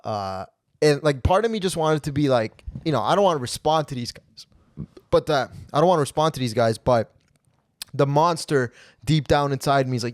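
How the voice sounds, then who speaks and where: A man's voice: fairly high pitch, expressive, a little fast, no room sound, clean studio sound. A man hosting a comedy podcast, telling stories in a rambling, profane way and often tacking on "okay?" and "right?". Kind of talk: casual comedic storytelling.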